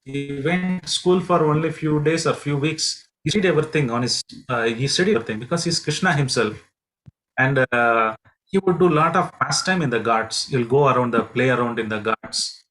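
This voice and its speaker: Man, halting storyteller. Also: mid-range voice, a bit bright, poor audio. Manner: halting, with many fillers and restarts. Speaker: pilgrimage guide and teacher. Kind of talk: devotional storytelling lesson.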